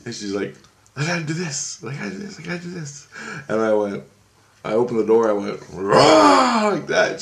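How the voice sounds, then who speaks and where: A man who has just woken up, clearing his throat as he tells a long personal dream story, halting and meandering with many fillers and restarts. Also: on the low side. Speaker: video blogger recounting a dream.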